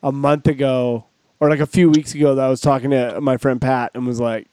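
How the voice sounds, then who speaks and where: A man's voice: fairly high pitch, brisk, a little mellow, smooth. A man hosting a casual comedy podcast, telling rambling, self-mocking stories. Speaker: podcast host.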